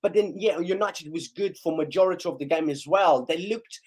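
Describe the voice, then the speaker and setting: A man hosting a live match reaction stream, slightly hoarse, excitable and shouting and chanting at big chances. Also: a little high, fairly quick. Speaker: live stream host, fan of the team.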